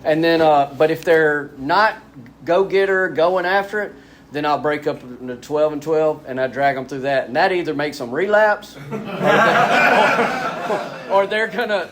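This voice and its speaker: A fairly high-voiced man talks frankly to a retreat group. He is lively and pokes fun at himself, acting out what people say as he goes. A light hiss of noise runs underneath. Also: normal speed. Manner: animated, self-deprecating, acts out quotes. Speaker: recovery retreat speaker. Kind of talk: candid sharing at a spiritual retreat.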